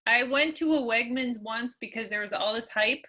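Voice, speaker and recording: A woman co-hosting a casual podcast chat, with dry, amused, deadpan delivery. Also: a little high, normal speed. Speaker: podcast co-host.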